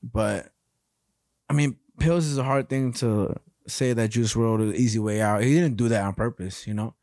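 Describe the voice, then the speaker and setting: Medium in pitch and moderate in pace, this young man co-hosts a podcast and tells meandering stories laced with profanity. His storytelling is animated and casual, captured in clean studio sound without room noise.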